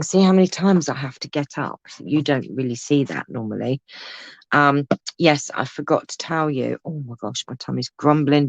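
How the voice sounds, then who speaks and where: A woman's voice: low voice, expressive, normal speed, creaky, dry recording. Woman, craft livestream host, chatty, teasing; dry, lo-fi home recording. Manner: chatty, reads out viewer comments, teasing asides. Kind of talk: casual livestream craft tutorial.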